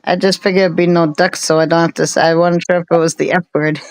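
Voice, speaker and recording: A woman's voice: fairly low pitch, flat delivery, quick pace, no echo. A woman in her forties chatting casually on a live stream, rambling and laughing often. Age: 40s.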